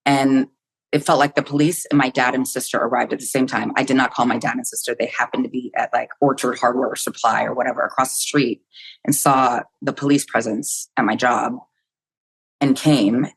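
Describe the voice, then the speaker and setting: A woman's voice: rumbling low, steady tone, a little fast, gravelly, husky. A woman in her fifties from the United States, a podcast guest telling a personal story vividly and candidly, acting out her own thoughts and swearing freely.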